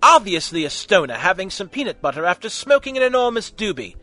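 Guy putting on a cocky time-travelling alien dude, high, bright and bouncy, yelling about how brilliant he is. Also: very animated, fast, no room sound, full character voice. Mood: boastful. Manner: loud, indignant, boastful outbursts. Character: excitable, vain male Time Lord hero. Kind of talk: comic fan fiction reading.

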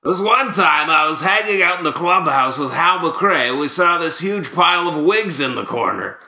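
A man playing an older male ex-ballplayer who tells rambling, boastful, made-up stories in a deadpan way. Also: on the high side, normal speed, vocal fry, roomy sound, heavily acted.

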